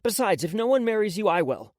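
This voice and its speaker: A woman's voice: medium pitch, big pitch swings, a little fast, a little mellow, dry recording, clean studio sound, voice pushed up, close to an everyday voice. A woman voicing a teasing, protective eleven-year-old boy in an audiobook, blunt and playful.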